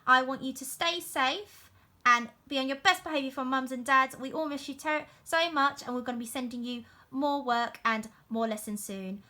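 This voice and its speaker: A woman's voice: high-pitched, moderate pace, sharp tone. A woman, a primary teacher, giving a recorded reading lesson to young children in an encouraging, sing-song way. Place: home.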